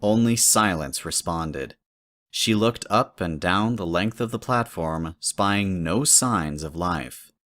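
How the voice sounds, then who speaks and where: A man narrating a fanfic horror story in a steady, measured way. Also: low voice.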